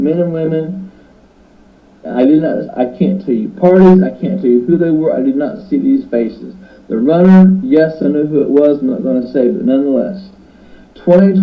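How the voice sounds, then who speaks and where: A sleepless man tells of his dream in an earnest, urgent testimony, stumbling and repeating his words as he goes. His voice sits at an ordinary middle pitch. The audio is dull and lo-fi. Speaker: pastor recounting a dream. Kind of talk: spoken testimony to camera.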